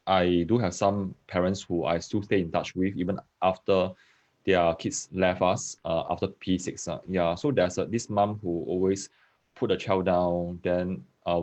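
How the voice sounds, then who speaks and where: Deep-voiced Singaporean man hosting, lo-fi. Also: a little mellow. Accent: Singaporean English. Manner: hesitant, repeating words. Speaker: host. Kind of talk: casual webinar interview.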